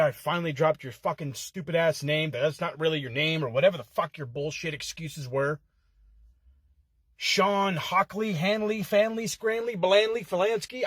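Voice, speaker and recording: In a dry, clean studio-quality recording made inside a car, a man with a fairly high, slightly rough voice cuts a swaggering wrestling trash-talk promo packed with heated profanity. He is a contestant in an online promo-cutting contest.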